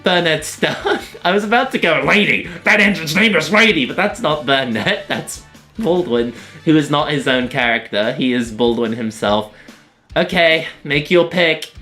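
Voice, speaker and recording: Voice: medium pitch, expressive, measured pace, fairly bright tone, faint music behind. A streamer giving giggly, chatty live commentary. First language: not American.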